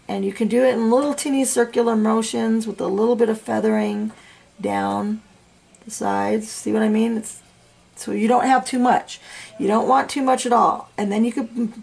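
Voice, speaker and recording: Gravelly raspy woman chatting through a coloring tutorial, soft and loose, lots of ums. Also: fairly high pitch, steady tone, normal speed. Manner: soft, chatty step-by-step instruction with many fillers. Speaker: coloring instructor. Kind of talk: real-time art tutorial.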